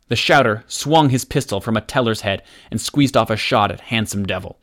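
Reading from a script, a man with a fairly low-pitched voice narrates an action story as an audiobook reader, steady and measured throughout.

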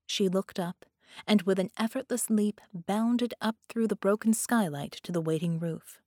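A woman reads an audiobook in a clear, measured storytelling voice. Her pitch sits in the middle of the range. The recording is dry and close, with no room sound. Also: a little mellow, no room sound. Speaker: audiobook narrator. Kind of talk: scripted audiobook narration.

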